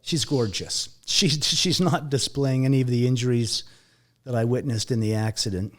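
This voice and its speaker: This is emotional personal storytelling: a middle-aged man, interviewed about almost dying, stumbles and repeats words. His voice falls quiet and low at the most painful points.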